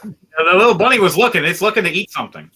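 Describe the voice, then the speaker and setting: Animated man running a tabletop game. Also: sits high, rapid-fire, breathy edge. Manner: casual, chatty, laughs often. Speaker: game master.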